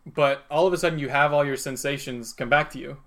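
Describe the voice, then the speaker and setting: A man's voice: mid-range voice, steady tone, fast, fairly bright tone. A man narrating a tabletop game as game master, casual and laughing, with many fillers.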